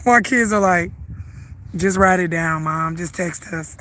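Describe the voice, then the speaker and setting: A middle-aged woman with a Southern US accent, congested and hoarse from the flu, chatting and rambling as she walks and livestreams in a park. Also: on the low side, fairly even intonation, normal speed, a bit bright, slight background noise. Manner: chatty, rambling, laughs often. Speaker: vlogger. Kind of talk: casual livestream chat while walking. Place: outdoors at a lake park.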